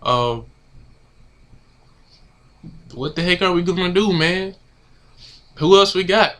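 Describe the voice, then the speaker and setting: A man's voice: high-pitched, expressive, slow pace, a bit bright. A man ranting casually to his camera as a sports fan, exasperated and slangy, repeating himself. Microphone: camera mic.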